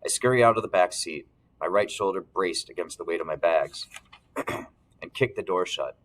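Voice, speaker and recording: A man reading a first-person novel aloud as narrator, steady, clearing his throat now and then. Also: deep voice, normal speed, poor audio. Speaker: audiobook narrator.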